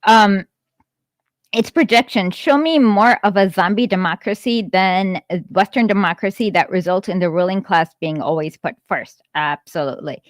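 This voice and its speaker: A woman's voice: medium pitch, normal speed, no room sound. A woman doing an impromptu livestream commentary, talking hesitantly with lots of fillers and frequent giggles. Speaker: streamer. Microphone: phone streaming app.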